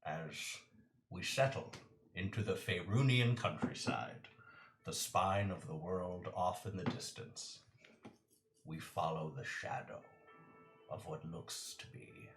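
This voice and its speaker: Low, muttering, deadpan know-it-all lizard, played by a man; echoey room. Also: takes it slowly, faint music behind, exaggerated voice.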